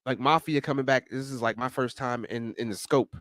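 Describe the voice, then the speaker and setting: A man's voice: mid-range voice, brisk, dry recording, clean studio sound. Easygoing man on a podcast. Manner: relaxed, easygoing, laughs readily. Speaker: co-host. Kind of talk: casual podcast chat.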